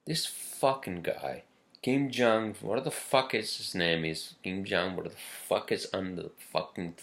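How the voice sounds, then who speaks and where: A man with a very low, gravelly voice rants his way through a casual monologue. He talks slowly and drags his words out, and he swears at nearly every turn as he hammers his points home. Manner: profane, rambling, emphatic. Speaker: podcast host.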